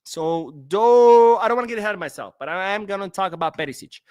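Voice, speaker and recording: A man's voice: high-pitched, expressive, racing, a bit bright, no room sound, studio quality. A man hosting a casual livestream podcast, reading out chat comments and answering them in a rambling way, repeating his words.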